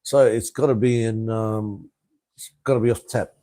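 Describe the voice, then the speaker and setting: A man's voice: on the low side, fairly even intonation, normal speed, warm tone, dry recording. A man in his fifties from Tasmania with an Australian accent, hosting a casual live stream and answering viewers bluntly, swearing freely and chuckling between remarks. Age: 50s. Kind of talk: casual live chat reading viewer comments.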